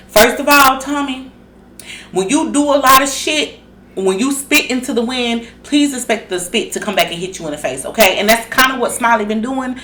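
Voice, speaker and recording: Profane, animated woman reacting to reality TV. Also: fairly high pitch, brisk, reverberant. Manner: profane, animated, acts out cast members' lines. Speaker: reaction video host. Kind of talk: casual reality-show reaction commentary.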